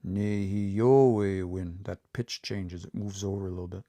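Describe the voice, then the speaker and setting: A man teaching pronunciation on a livestream, repeating words slowly and coaching learners to say them out loud. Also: low voice, flat delivery, dry recording. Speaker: language teacher.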